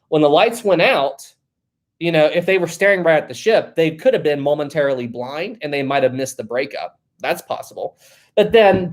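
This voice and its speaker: Live-stream host, casual chat, jokey, laughs often, reading out chat, middle pitch. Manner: chatty and jokey, laughs a lot; thinks aloud, with many fillers and restarts.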